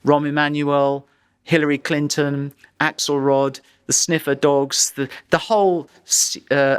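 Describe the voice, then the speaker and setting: A male photographer tells a vivid anecdote in an interview, dramatic in his storytelling and frequently restarting sentences as he goes. His voice is mid-range and a bit bright.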